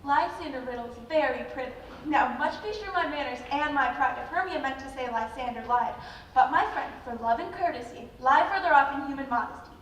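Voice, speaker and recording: An earnest young noblewoman, acted by a woman, speaks in a very high, bright voice with emphatic stage delivery. She is heard from far off in a school auditorium. The hall rings with a long echo. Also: a little fast, slight background noise. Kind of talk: live stage play.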